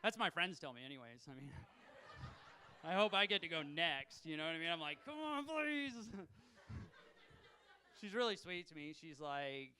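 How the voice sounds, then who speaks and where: A man's voice: a little high, animated, moderate pace, long pauses, sharp tone, slight background noise. A young man doing a self-deprecating stand-up set on a comedy club stage, chuckling at his own jokes.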